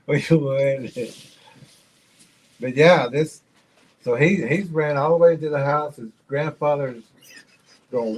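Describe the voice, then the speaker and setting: Male reaction co-host, mid-pitch, unhurried reflective commentary. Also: darkish tone, low-quality recording. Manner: slow, reflective, retells and explains the story.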